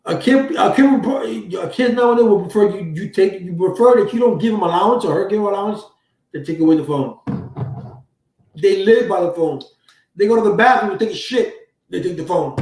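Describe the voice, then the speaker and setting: A man's voice: high voice, a little fast, darkish tone, distant mic. A man hosting a casual livestream, telling stories in loose, profane street slang from a room at home. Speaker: livestream host. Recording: roomy echo.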